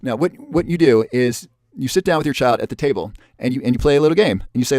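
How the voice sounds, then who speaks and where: A man's voice: medium pitch, animated, fast, a little mellow, no room sound. Pushy webinar salesman, dry close sound. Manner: pushy salesman tone, repeats offers and counts down spots. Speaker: webinar presenter.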